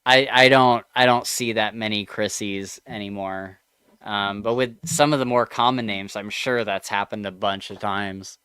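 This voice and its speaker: Male podcast co-host, chatty and reactive, crystal-clear tone, dry close-miked sound. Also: on the low side, steady tone, sharp tone, dry recording. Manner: chatty, reacts with laughter and quick comments. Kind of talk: casual chat, reading out online posts.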